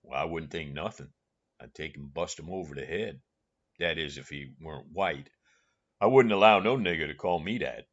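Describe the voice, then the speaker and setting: A man's voice: rumbling low, lively intonation, moderate pace, muffled recording, pitched below the performer's own voice. A man voicing an uneducated, stubborn older man with a heavy rural Southern US dialect, drawling and dogged in argument.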